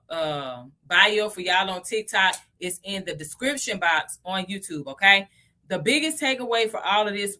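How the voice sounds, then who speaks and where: Bright-voiced Southern woman hosting a livestream. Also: lowish voice. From Tennessee. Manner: chatty, asks "okay?" often, addresses viewers as y'all. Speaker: crypto livestream host. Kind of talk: casual livestream teaching.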